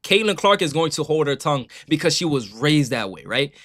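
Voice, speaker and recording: Animated man ranting on his reaction channel. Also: on the high side, brisk. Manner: animated, keeps asking "right?". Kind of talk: heated reaction rant.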